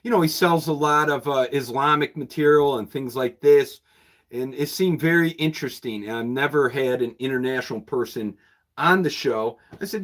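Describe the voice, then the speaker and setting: A man's voice: on the high side, normal speed, a bit bright. A man who runs a bookshop, chatting casually with viewers on a livestream in a rambling way, often repeating words and chuckling. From New York State. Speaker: bookseller and channel host. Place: his bookshop.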